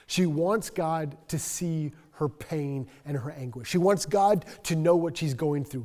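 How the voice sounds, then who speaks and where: Man, pastor, sermon, slow and earnest, fairly high voice, long church echo. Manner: earnest, reflective, soft-spoken at key points. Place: church sanctuary.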